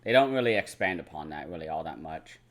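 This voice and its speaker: A man's voice: very deep voice, animated, fast. A young man chatting casually about films on a movie-marathon vlog, rambling and swearing freely. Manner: rambling, profane, lots of "like" and "you know". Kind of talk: casual movie review chat.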